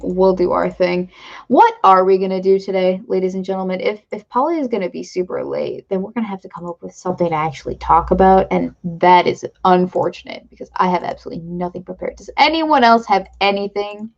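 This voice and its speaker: A woman hosting a live stream in a loose, rambling way, dropping self-deprecating asides as she goes. Her voice carries a gravelly fry. The audio is a bit dull and lo-fi, like a basic home stream mic. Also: lowish voice. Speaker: streamer host. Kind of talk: casual live-stream chat.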